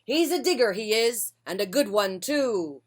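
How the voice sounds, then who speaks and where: A woman voicing a loud, boisterous male pirate captain with swaggering pirate talk, in a children's storybook reading. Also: mid-range voice, expressive, normal speed, close to an everyday voice.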